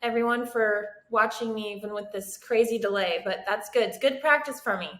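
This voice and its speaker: A woman with a fairly high voice, chatting on a live coaching call from an echoey room. She talks in a chatty, self-deprecating way. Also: brisk, a bit bright. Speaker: piano teacher, guest caller. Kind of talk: casual live-call conversation.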